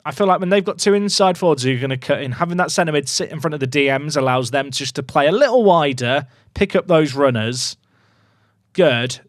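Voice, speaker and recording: A man streaming a football management game, talking to his chat and swinging from low muttering to excited shouts. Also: brisk, no room sound, studio quality. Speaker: gaming streamer. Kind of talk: live game commentary to chat.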